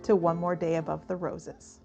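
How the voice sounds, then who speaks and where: A woman's voice: lowish voice, flat delivery, normal speed, gravelly, music in the background. A woman co-hosting a podcast in casual chat, laughing often. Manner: giggly, laughs a lot. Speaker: podcast co-host.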